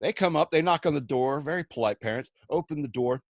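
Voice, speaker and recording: A man's voice: fairly high pitch, a little fast, no room sound. A man on a radio show, telling self-mocking comic anecdotes and acting out the quotes along the way. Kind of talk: comic storytelling.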